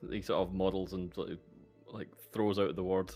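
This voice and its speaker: Low-voiced man running a tabletop game. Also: flat delivery, moderate pace, a little mellow, faint music behind. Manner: hesitant, many filler words. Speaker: game master.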